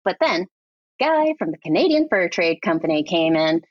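A woman's voice: on the low side, moderate pace, no room sound. Chatty woman telling a story. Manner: animated, chatty, heavy use of "like". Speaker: guest, film editor. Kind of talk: casual storytelling interview. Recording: dry, slightly dull podcast audio.

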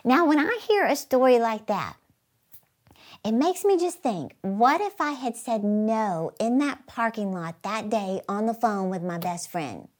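A woman's voice: a little high, animated, a little slow, a little mellow. A middle-aged woman preaching an earnest motivational sermon, telling stories with emphasis.

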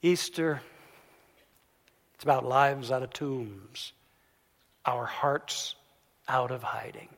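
A man's voice: medium pitch, slow pace, long pauses. Man preaching in a reverberant hall. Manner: storytelling, rising to loud emphatic peaks then dropping soft. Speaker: pastor. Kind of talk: sermon.

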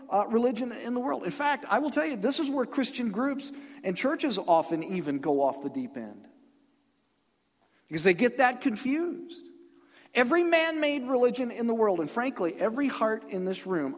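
Animated preacher with a high, lively voice. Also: male voice, big-room sound. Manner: emphatic, calls on the congregation to respond. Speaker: pastor. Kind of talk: sermon.

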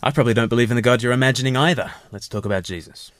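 A man co-hosting a podcast, chatting casually and answering challenges with quick, witty one-line retorts. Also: medium pitch, fairly bright tone, dry recording. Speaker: podcast co-host.

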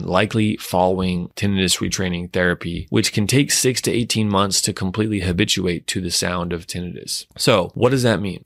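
A male audiologist calmly explaining things in an educational commentary. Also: low-pitched, creaky, no room sound, clean studio sound. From United States. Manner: calm, explanatory.

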